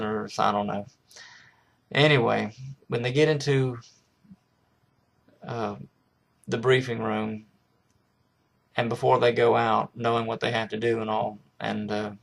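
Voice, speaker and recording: A man's voice: fairly low pitch, gravelly. A man casually retelling a film scene by scene as a reviewer, rambling and restarting his sentences often. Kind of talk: casual spoken film recap.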